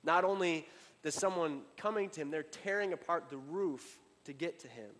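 Man, pastor, sermon, conversational, fillers and restarts, fairly high voice, long hall reverb. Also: normal speed. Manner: conversational, many fillers and restarts, building emphasis then dropping soft.

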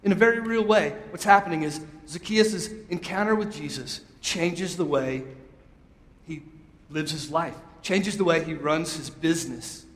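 A man's voice: fairly high pitch, measured pace. A man preaching a sermon as a pastor, emphatic and conversational, leading his congregation in call-and-response. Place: church sanctuary. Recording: echoey hall, long reverb.

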